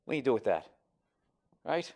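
Profane rambling guy, comic storyteller, mid-pitch. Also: very animated, moderate pace, warm tone.

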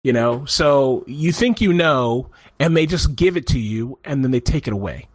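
A man's voice: mid-range voice, normal speed, no echo. A man co-hosting a podcast, talking through a movie review in loose, rambling casual chat. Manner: rambling, animated, restarts a lot. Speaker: podcast co-host.

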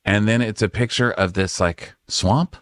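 A man's voice: unhurried, dry recording. A man co-hosting a comedy podcast recap, sarcastic and swearing freely. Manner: sarcastic, swears, mimics people in high voices. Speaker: podcast co-host.

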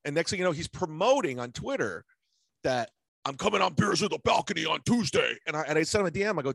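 A man's voice: on the high side, lively intonation, fast, gravelly, a bit bright, breathy edge, no echo. A man hosting a casual comedy podcast, telling stories bluntly with lots of swearing and mocking impressions of people. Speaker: podcast host.

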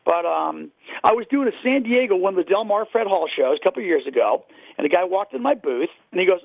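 High gravelly man on a phone line. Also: lively intonation, fast, no echo. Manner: enthusiastic storyteller, many fillers. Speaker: fishing guide and boat seller. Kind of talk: casual radio interview. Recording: dry, tinny phone line.

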